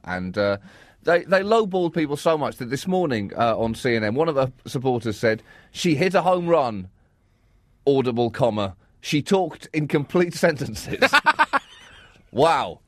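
A man's voice: mid-range voice, big pitch swings, measured pace, no echo. A man co-hosting a satirical comedy show, sardonic and often laughing at his own jokes. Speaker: comedy co-host.

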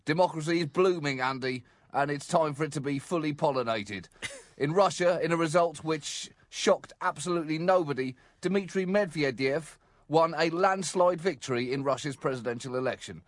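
A man's voice: a little high, normal speed, hardly any pauses, no room sound, clean studio sound. Unwell man chuckling through comedy news. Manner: chuckles through his lines. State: ill. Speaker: co-host. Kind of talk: comedy podcast banter and scripted jokes.

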